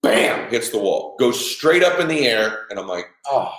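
A middle-aged father telling a personal story in an emphatic way. He swears, acts out the dialogue and breaks into shouts at the high points. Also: very animated, normal speed. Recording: echoey room.

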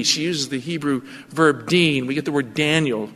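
Bright, dramatic man preaching. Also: a little high, lively intonation, moderate pace, big-room sound. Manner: dramatic, storytelling. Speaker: pastor. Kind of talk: sermon.

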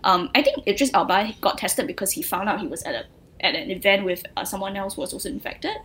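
A woman's voice: mid-range voice, big pitch swings, fast, fairly bright tone, slight background noise, poor audio. A young woman, co-hosting a casual pop culture podcast and talking in a chatty way with many fillers. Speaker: podcast co-host.

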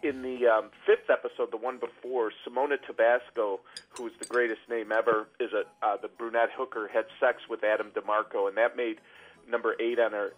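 A man's voice: medium pitch, level tone, a little fast, phone-quality sound, soft background music. A man calling into a radio show as a regular guest, chatting with enthusiasm and rambling through many fillers. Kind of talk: casual on-air chat.

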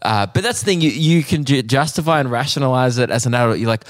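A man's voice: medium pitch, animated, quick pace, dry recording, clean studio sound. A man with an Australian accent, co-hosting a podcast in casual chat. He talks things through in a laid-back way and drops crude jokes. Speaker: podcast co-host.

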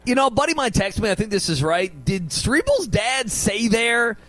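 A man hosts a sports radio show, reading listener texts aloud with a wry, teasing edge. His voice is high and sounds close and dry. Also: big pitch swings, moderate pace, a bit bright, dry recording. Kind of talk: casual sports radio banter.

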